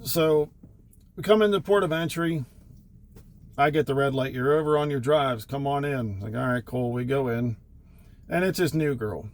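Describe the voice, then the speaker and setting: A man's voice: mid-range voice, moderate pace. Wry trucker man spinning road stories. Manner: rambling, profane, wry anecdotes. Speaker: truck driver. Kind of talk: casual storytelling.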